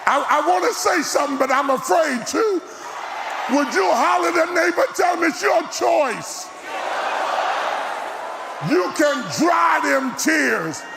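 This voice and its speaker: Man preaching, very high voice, slow drawn-out delivery, gravelly, organ and crowd behind. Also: lively intonation. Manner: shouted, sing-song whooping cadence. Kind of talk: sermon. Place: church sanctuary. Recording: live church sermon with music and congregation.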